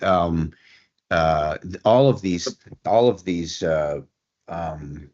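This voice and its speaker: A very low-pitched man in his sixties speaks reflectively, often restarting his sentences. The recording sounds dull and lo-fi. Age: 60s. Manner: halting, with frequent restarts and fillers. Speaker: guest, addiction treatment executive. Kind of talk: reflective interview talk. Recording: dull lo-fi audio.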